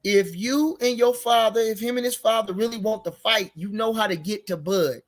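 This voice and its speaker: A man's voice: high-pitched, normal speed, few pauses. Rambling heated man talking boxing. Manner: rambling, repeats himself, gets heated and emphatic. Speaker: boxing commentary show host. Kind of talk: casual unscripted boxing talk.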